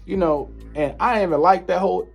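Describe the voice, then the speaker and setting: A man casually telling a story from his own life in an animated, disbelieving way. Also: high voice, fast, creaky, faint music behind. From United States. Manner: animated, incredulous retelling of an encounter. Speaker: vlogger.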